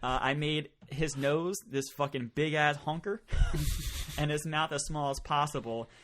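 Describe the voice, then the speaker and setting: A man's voice: a little high, unhurried. Swearing, laughing podcast host, man. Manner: profane, laughing, animated storytelling. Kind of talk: casual chat.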